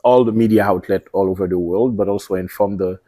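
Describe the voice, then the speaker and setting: A man's voice: low-pitched, steady tone, fast, dark tone, dry recording, studio quality. A man with a Haitian accent, a media host telling his story in a casual interview, hesitant with many ums.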